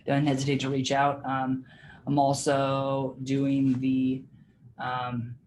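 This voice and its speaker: A man with a medium-pitched, slightly mellow voice delivers a real estate training class over a video call, speaking slowly and completely flat despite his chatty, informal style. He leans on many fillers and laughs while telling stories, with slight background noise present.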